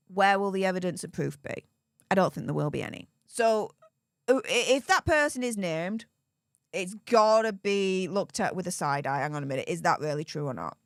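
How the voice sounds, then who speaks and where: Woman vlogger, animated intonation, dry close sound, chatty and speculative. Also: medium pitch, no echo. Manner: chatty, rhetorical questions, speculative. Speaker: commentary vlogger. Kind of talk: casual opinion commentary.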